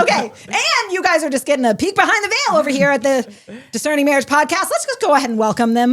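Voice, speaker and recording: A young woman hosts a podcast in a fairly high voice. She talks in effusive, emotional bursts and openly gushes over her guests. The tone stays casual and conversational throughout. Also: very animated, fast talker, background noise. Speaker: podcast host.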